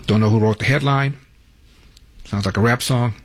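A man's voice: mid-range voice, normal speed. A man hosting a talk radio show, delivering news headlines with wry, sardonic asides. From Los Angeles.

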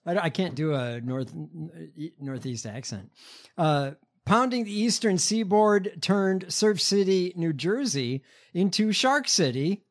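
A man's voice: sits high, expressive, measured pace. A man co-hosting a casual show, reading news stories aloud with many hesitations. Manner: hesitant, lots of ums. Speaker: podcast co-host reading news. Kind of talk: casual chat, reading headlines.

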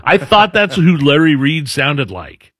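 Casual political show host, lively voice, dry close sound. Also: male voice, fairly high pitch, a little slow, breathy edge, no echo. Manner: casual, restarts, animated. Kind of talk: political commentary chat.

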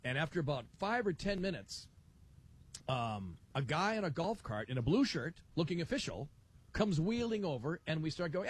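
A middle-aged man hosting live radio, spinning an animated story with voices. His tone is husky and slightly high, and his pitch swings widely as he talks. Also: normal speed. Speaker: radio talk show host. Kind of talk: live radio talk at a fair.

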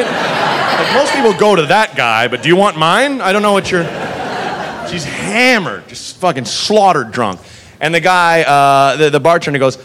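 A young comedian performs a profane story in a comedy club, voicing the people in it with lively energy. He speaks at a normal speed with a slightly high voice, over a faint hiss or hum, while the audience in the room laughs.

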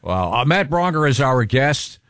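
A male radio host reads show plugs and tosses out jokes. His pitch swings a lot, and the studio sound is dry and close. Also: very animated, measured pace, a bit bright, dry recording. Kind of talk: radio banter and announcements.

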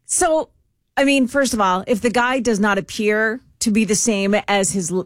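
A woman's voice: medium pitch, normal speed, dry recording. Chatty woman co-hosting a show, dry sound. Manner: chatty, laughs often, trails off mid-sentence. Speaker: radio show co-host. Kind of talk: casual chat.

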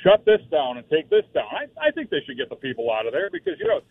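A man calling in to a talk radio show as a regular, exasperated and animated. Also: high voice, fast, creaky, dry recording. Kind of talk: talk radio chat over the phone. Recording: tinny phone line, dry.

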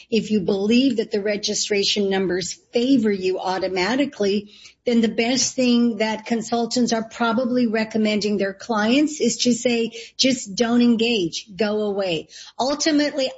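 A woman's voice: medium pitch, a little mellow. A woman running for lieutenant governor, answering interview questions in an emphatic way with sarcastic asides. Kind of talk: political interview. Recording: dull lo-fi sound.

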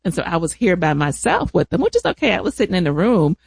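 A man telling family caregiving stories in an animated, laughing manner. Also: sits high, vocal fry, slightly rough, no echo. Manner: animated storyteller, laughs often, drawn-out emphasis. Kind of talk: casual family storytelling.

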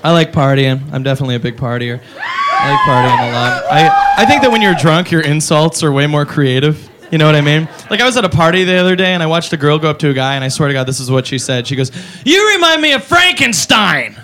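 A man performing a stand-up comedy routine, animated and jumping into squeaky character voices. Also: fast, hardly any pauses.

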